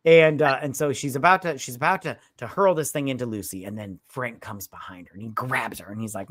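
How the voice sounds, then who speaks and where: A man's voice: mid-range voice, a little fast, background noise. A man co-hosting a casual live movie-review stream, rambling and swearing as he retells scenes and acts out the characters' lines.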